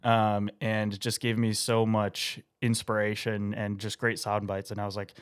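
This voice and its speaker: A young man hosting a podcast, friendly and laid-back, who laughs easily and fills pauses with "um". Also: on the low side, monotone, clean tone. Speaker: podcast host. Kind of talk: casual podcast interview.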